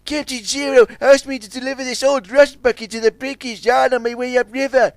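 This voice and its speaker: A man voicing a nervous young male tugboat in a storybook reading, speaking high and worried. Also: fairly even intonation, fairly quick, no room sound. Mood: anxious. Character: anxious young male tugboat, easily flustered.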